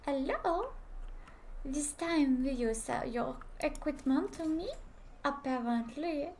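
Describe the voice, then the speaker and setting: A woman's voice: sits high, animated, slow pace, a little mellow, a little hiss or hum, full character voice. Woman putting on a mock French-accented shopper. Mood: playful. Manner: playful, theatrical.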